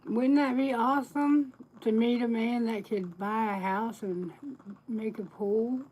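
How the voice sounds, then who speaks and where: A woman's voice: on the high side, fairly even intonation, a little slow, a little mellow, slightly rough, low-quality recording. A woman tarot reader chatting candidly on a live stream, telling personal stories and laughing often. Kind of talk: casual live-stream chat.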